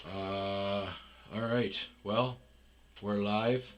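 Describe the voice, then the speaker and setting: A man casually telling a profane, animated story about chasing a delivery driver, with yelled reenactments. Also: medium pitch, unhurried, slight background noise. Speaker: storyteller host. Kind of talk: casual ranting anecdote.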